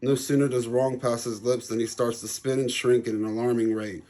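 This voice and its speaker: A man, the author, reading his children's storybook aloud in a calm, even storytelling manner. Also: mid-range voice, fairly quick.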